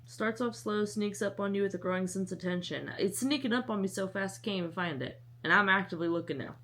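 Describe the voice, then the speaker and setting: A woman's voice: medium pitch, quick pace, a bit bright. Chatty young woman vlogging about books. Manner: chatty, self-mocking, rambling asides. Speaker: book vlogger. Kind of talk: casual chat to camera.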